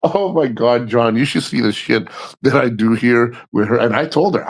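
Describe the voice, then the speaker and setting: A man's voice: mid-range voice, normal speed, creaky. A man from the United States chatting casually on a livestream, rambling and crude, laughing often. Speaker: streamer.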